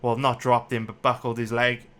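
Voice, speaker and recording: A man's voice: mid-range voice, monotone, normal speed, a bit bright. A man angrily breaking down a mixed martial arts fight round by round, swearing and repeating himself as he gets worked up. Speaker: MMA betting analyst. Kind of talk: angry fight breakdown commentary.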